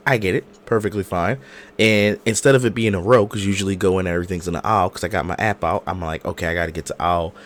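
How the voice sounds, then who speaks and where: A hoarse man, an animated, slangy podcast co-host telling a story over a video call. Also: deep voice. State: hoarse from a cold. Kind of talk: casual chat.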